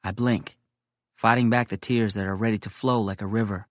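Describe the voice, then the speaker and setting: A man reading a novel aloud in first person, with steady, measured storytelling. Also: fairly low pitch, no echo, highs cut off. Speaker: audiobook reader.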